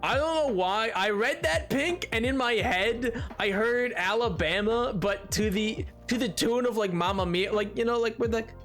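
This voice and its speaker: A man's voice: high voice, normal speed, few pauses, fairly bright tone. A man live-streaming a game, chatting casually with his viewers in a goofy, rambling, joking way. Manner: goofy, rambling, jokey with chat. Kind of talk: casual live-stream chat while gaming. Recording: music playing behind.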